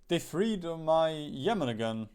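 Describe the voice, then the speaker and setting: A man's voice: a little high, sing-song, unhurried, a little mellow, clear, resonant tone. A young man streaming a strategy game, thinking aloud, musing and chuckling as he plays. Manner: muses aloud, often chuckles. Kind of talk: thinking-aloud gameplay commentary.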